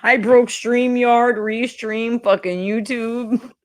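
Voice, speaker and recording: This livestream host chats with her audience in a blunt, profane manner, addressing the chat directly. Her voice is a little high and steady, her pace slow, and the recording is dry.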